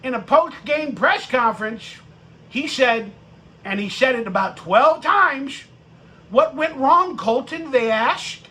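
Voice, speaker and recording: A man's voice: very high-pitched, expressive, slow pace. Ranting, profane male sports streamer. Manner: profane, ranting, mocking, with bursts of shouting. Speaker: sports podcast host. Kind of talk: live-stream fan rant.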